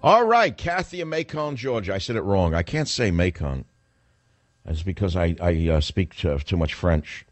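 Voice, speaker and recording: A man's voice: low voice, sing-song, normal speed, no room sound. An older man hosting a radio talk show, talking in a combative, sarcastic, rambling way.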